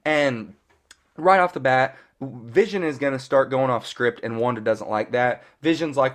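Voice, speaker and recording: A man in his thirties, reviewing a TV episode as a fan, speaks at an unhurried pace with medium pitch. There's noticeable noise in the background. He rambles casually, leaning on "you know" and dropping the odd curse word.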